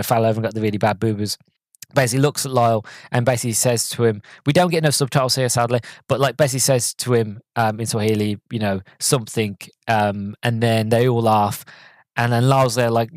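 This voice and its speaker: A man's voice: mid-range voice, no echo. A man, hosting a podcast and chatting casually about a film, rambling with many fillers and restarts. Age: 20s. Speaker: podcast host.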